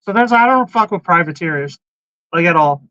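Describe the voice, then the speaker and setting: A man's voice: high-pitched, lively intonation, moderate pace, sharp tone, no echo. A man hosting a casual podcast, talking bluntly, swearing freely and jumping between topics while reading out viewer comments. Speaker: podcast host. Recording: dull, lo-fi sound, dry.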